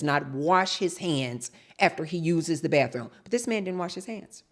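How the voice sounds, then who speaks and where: A woman's voice: low voice, lively intonation, normal speed, hardly any pauses. A woman vlogger chatting casually to her viewers, telling a story and acting out both sides of the dialogue. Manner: chatty, storytelling, addresses viewers as you guys; acts out both sides of quoted exchanges.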